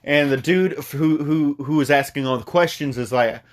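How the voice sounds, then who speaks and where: A man's voice: fairly high pitch, normal speed. Rambling, profane young man. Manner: rambling, profane, stumbling over words. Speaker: video host recapping a movie. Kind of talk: rambling comic movie recap.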